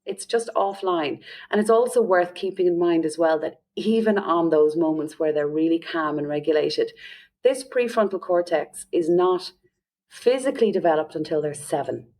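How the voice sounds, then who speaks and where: Lower-voiced Irish woman coaching parents. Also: moderate pace. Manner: lively, often acts out quoted parents and children. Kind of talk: podcast interview, explaining advice.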